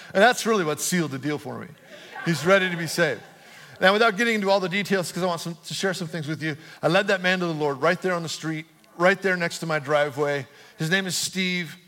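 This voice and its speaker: A slightly high, bright, forceful voice moves briskly as a middle-aged pastor preaches in a church auditorium. After casually recounting a personal story, he escalates into repeated, emphatic appeals.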